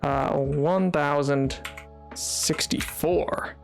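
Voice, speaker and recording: Excitable male streamer, high voice. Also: very slow, vocal fry, faint music behind. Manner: excitable, laughs often, bursts into exclamations. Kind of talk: casual gaming livestream chat. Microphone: desk microphone.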